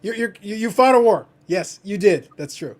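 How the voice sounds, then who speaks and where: Sarcastic man with a lively, jumping pitch. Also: normal speed. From Canada. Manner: sarcastic, teasing, dramatic swings between mutters and loud outbursts. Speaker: co-host reading chat. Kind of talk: casual live-stream chat.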